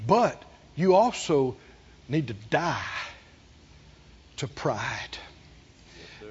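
A man preaching a sermon, calling on the congregation to answer, dropping to near whispers and rising to loud peaks. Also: fairly high pitch, husky, dull audio. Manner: call-and-response preaching, swinging from hushed to loud. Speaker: pastor.

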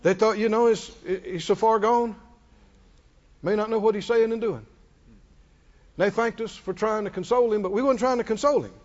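High-voiced older preacher. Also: male voice, brisk, long pauses, a little mellow. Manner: impassioned storytelling preacher, call-and-response. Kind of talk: sermon. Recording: echoey hall, dull muffled sound.

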